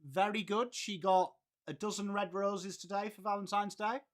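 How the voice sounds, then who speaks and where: A man's voice: high voice, fairly even intonation, moderate pace. An Englishman in his late thirties hosting a live stream, chatting casually and greeting viewers by name, calling everyone mate. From England. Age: late 30s. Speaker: livestream host.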